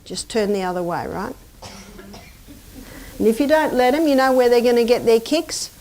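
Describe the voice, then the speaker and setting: A woman's voice: a little high, normal speed, a little mellow, slight background noise. A middle-aged woman giving a chatty, anecdotal health lecture to a live audience and asking them questions. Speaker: health presenter.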